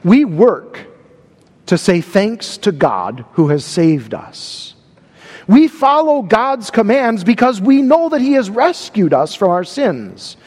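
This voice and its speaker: A man's voice: sits high, sing-song, takes it slowly, a little mellow, big-room sound. A man preaching a sermon, stressing and repeating key words. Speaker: pastor.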